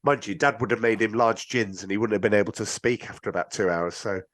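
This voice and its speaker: A man talking casually about a film on a podcast, rambling with restarts and lively asides. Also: on the low side, quick pace. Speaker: podcast guest.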